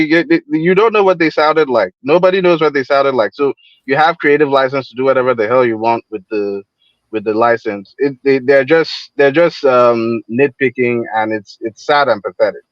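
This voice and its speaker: A man's voice: medium pitch, no echo. A man calling into a livestream, talking casually with many restarts and getting heated as he makes his point. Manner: halting, repeats words, gets heated. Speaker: stream guest. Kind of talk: casual call-in commentary. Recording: dull, dry lo-fi call audio.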